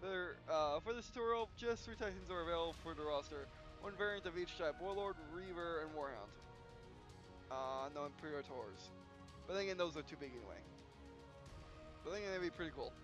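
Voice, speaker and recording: A man hosting a gameplay video, reading tutorial text aloud with halting restarts and yawns. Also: on the high side, animated, music in the background. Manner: halting, frequent restarts, yawning. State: yawning.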